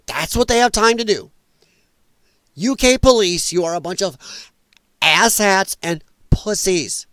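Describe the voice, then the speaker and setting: A man's voice: high-pitched, a little slow, long pauses, a bit bright, dry recording, clean studio sound. A middle-aged American man from the Midwest hosting a political commentary stream, ranting with profanity and sarcasm. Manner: profane, sarcastic, mocking mimicry of others.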